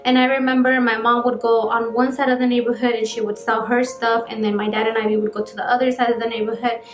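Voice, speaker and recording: A woman's voice: on the high side, level tone, fast, faint music behind. A woman in her twenties telling a personal story to her vlog audience in a chatty, casual way, full of fillers. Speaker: vlogger. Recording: echoey room.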